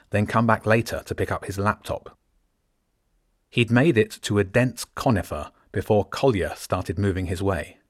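A man narrating an audiobook in a steady, measured storytelling voice. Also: fairly low pitch, no echo, studio quality.

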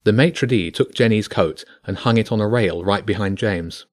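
Measured man reading a bedtime story. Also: lowish voice, no echo, studio quality. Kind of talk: scripted bedtime story narration.

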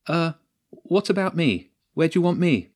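A man's voice: fairly low pitch, moderate pace, husky, dry recording, clean studio sound. A man reading a story, voicing an anxious young girl football player in a hesitant, pleading way. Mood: unsure.

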